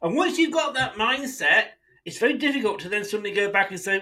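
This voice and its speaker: A man's voice: high-pitched, expressive, a little fast, sharp tone, rough recording. A man hosting a football fan podcast, delivering an indignant, sweary solo rant addressed straight at his club's owners.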